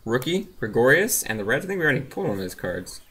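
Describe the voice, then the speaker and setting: A man's voice: mid-range voice, big pitch swings, fast talker, a bit bright, husky. A man casually narrating as he opens trading card packs, reading off names and teams with laid-back asides. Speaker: card collector opening packs. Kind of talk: casual running commentary.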